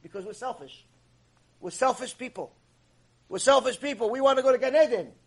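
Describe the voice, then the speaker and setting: A man giving an animated sermon lecture, telling stories and asking his listeners questions. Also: very high-pitched, fairly quick, slightly rough. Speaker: rabbi teacher.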